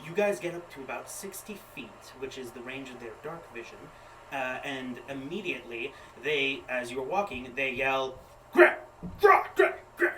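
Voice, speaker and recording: A man narrates a tabletop game as game master, checking rules aloud in a casual way. His voice is bright and forward. He sits away from the mic in an echoing room. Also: medium pitch, moderate pace, slight background noise. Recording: roomy room, distant mic.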